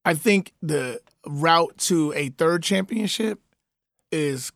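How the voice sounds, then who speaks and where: Sports talk co-host, male, higher-pitched, emphatic and argumentative, dry close sound. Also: animated, gravelly, a bit bright, dry recording. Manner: emphatic, argumentative, fast-talking. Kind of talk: casual sports debate.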